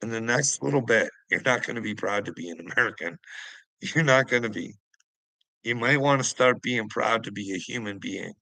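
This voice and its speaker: A man's voice: fairly low pitch, normal speed, gravelly, sharp tone, no echo, low-quality recording. A Canadian man on a casual livestream, taunting his viewers by name and laughing often between phrases. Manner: addresses chatters by name, mocking.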